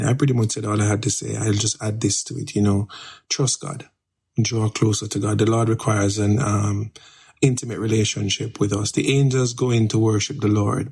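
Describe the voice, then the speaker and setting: A man's voice: on the low side, gravelly, slightly rough. A man, a pastor and radio guest, earnestly urging listeners to draw closer to God. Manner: earnest, steady preaching.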